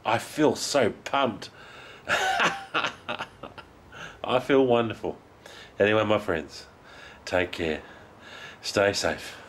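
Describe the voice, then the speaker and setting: A man vlogging outdoors while walking, out of breath, excited and chatty, laughing often. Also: fairly low pitch, takes it slowly, pauses often, a little hiss or hum. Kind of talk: casual vlog while walking. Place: outdoors in a park.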